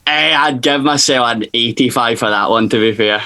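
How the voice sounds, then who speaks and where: A young Scottish man, a DJ and producer, telling stories in a casual video-call interview, animated and full of restarts. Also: mid-range voice, normal speed. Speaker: guest DJ and producer.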